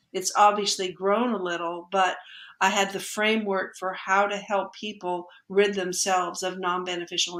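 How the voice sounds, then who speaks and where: A woman guest on a podcast, telling a personal story in conversation and acting out the lines of the people in it. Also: lowish voice. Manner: lively storyteller who acts out quoted dialogue. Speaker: podcast guest, energy healer. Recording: echoey room.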